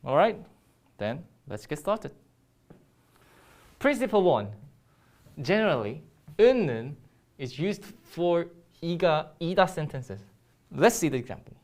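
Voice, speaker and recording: A woman's voice: deep voice, sing-song, normal speed, long pauses, darkish tone. A woman with a Korean accent teaching a Korean grammar lesson in English, explaining step by step with frequent ums and restarts.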